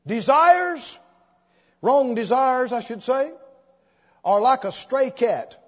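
A man preaching a sermon, telling an animated story and acting out the scenes as he goes. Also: very high-pitched, takes it slowly. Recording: dull sound, long hall reverb.

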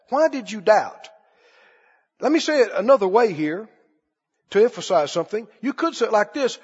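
High raspy preacher guy, punchy repeats, muffled lo-fi church recording. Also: big pitch swings, moderate pace. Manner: emphatic, repeats phrases, calls for congregation response. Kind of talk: sermon. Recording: dull lo-fi with long hall reverb.

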